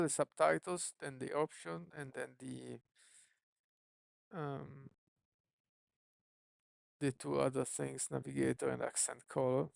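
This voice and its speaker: An app developer thinking aloud during a live coding stream, musing and questioning themselves in an unhurried way. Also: mid-range voice, gravelly, no room sound, studio quality.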